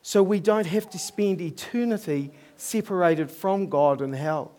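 A man's voice: high-pitched, unhurried, darkish tone. A middle-aged man with a New Zealand accent preaching a sermon, telling stories earnestly and chuckling at himself. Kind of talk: storytelling sermon.

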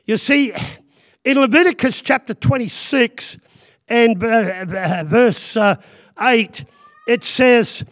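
A man preaching a loud, jokey, rambling sermon and calling out to the congregation. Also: very high-pitched, slow. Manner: loud, jokey, rambling, with crowd call-outs. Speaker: guest preacher.

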